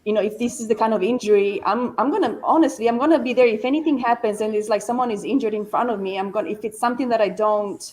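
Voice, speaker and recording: A woman from Italy, a podcast guest talking in a hesitant, halting way. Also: on the high side, a little mellow, poor audio. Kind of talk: casual chat.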